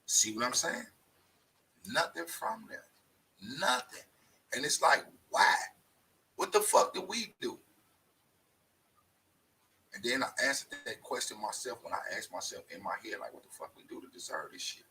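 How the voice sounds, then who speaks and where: A man's voice: on the low side, pushed and bright, recorded from a distance, slight background noise, rough recording. A male show host delivering a blunt, profane, emphatic monologue straight to his viewers. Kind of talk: casual ranting monologue.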